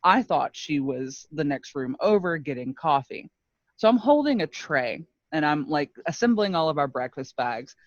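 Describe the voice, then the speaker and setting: A woman's voice: low-pitched, expressive, moderate pace, no echo. A woman co-hosting a podcast, telling a story in a casual, self-mocking way and laughing often. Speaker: podcast co-host. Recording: muffled lo-fi dry mic.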